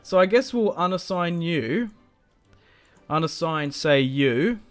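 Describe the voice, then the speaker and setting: A young man narrating a strategy game as he plays, with a slightly high voice. He thinks aloud, full of fillers, and gets excited when the battle turns. The tone stays casual and talkative throughout. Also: slow pace, no room sound, faint music behind. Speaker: gaming channel host. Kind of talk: live strategy game commentary.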